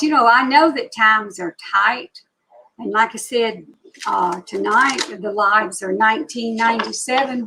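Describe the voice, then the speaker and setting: Gravelly and fairly high, this sixty-something Alabama woman's voice comes through background noise as she hosts her live psychic reading stream. Chatty and drawling slowly, she welcomes viewers by name.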